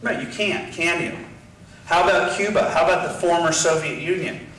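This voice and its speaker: A man's voice: on the high side, normal speed. A man giving an impassioned political lecture in a combative way. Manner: forceful, combative, acts out whispered asides. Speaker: guest lecturer. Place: large university lecture hall. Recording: roomy hall, voice from far off the mic, faint noise.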